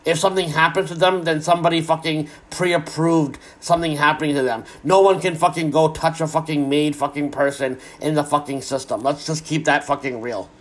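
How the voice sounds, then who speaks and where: A man's voice: a little high, steady tone, brisk, few pauses. A man in an angry, heavily profane solo rant. He is sarcastic and keeps repeating words as he restarts his sentences.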